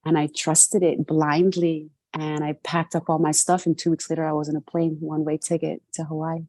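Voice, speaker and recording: An earnest middle-aged woman from New York City tells her story as a guest, her voice sitting a little low. She keeps checking in with a quick "right?". The sound is dry and close over a video call. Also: little pitch movement, a little mellow, no room sound. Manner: earnest, often adds "right?". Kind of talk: reflective personal storytelling.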